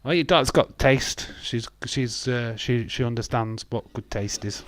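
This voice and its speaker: With slight background noise behind him, an Englishman of medium pitch speaks unhurriedly as host of a live wrestling watch-along. His manner is chatty and full of jokes, and he reads out and replies to viewer messages.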